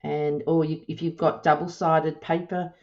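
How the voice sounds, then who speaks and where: Woman, low voice, crafting tutorial host; easygoing step-by-step talk with ums and self-corrections, slightly dull lo-fi recording. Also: normal speed. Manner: relaxed, chatty, thinking aloud with ums and self-corrections. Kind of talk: casual step-by-step demonstration.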